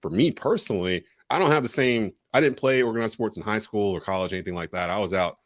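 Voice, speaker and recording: A man's voice: fairly low pitch, quick pace, dry recording, studio quality. A man from North Carolina co-hosting a sports podcast, talking casually with plenty of "uh" and "like". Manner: relaxed, fillers like "uh" and "like". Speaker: podcast co-host, local sports broadcaster.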